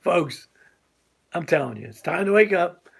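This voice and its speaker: A man's voice: high voice, animated, unhurried, creaky, slightly rough. An older man co-hosting a casual talk show, speaking in a preachy, emphatic way and laughing often. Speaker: co-host.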